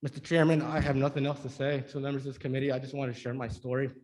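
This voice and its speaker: A young man from Georgia giving earnest, emotional testimony to a legislative committee, with halting repeats. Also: medium pitch, level tone, a little mellow, in a large hall. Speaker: public witness. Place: hearing room.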